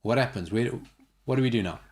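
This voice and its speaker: A man's voice: mid-range voice, a little mellow, slight background noise. Opinionated man hosting sports talk. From South Africa. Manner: opinionated, sarcastic and quick. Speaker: sports show host.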